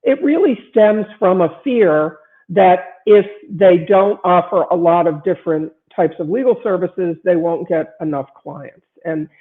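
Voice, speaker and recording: A woman's voice: on the low side, measured pace. A middle-aged woman who coaches lawyers, talking straight to her viewers in a conversational way with frequent "uh" fillers and restarts. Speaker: lawyer coach hosting a broadcast. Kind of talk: direct-to-camera advice talk. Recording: tinny phone-like sound.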